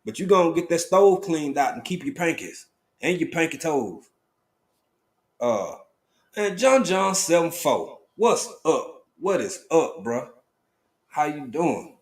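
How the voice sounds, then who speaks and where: Slow and somewhat high-pitched, a man drawls his way through a relaxed live stream, greeting people in the chat by name with abrupt flashes of excitement.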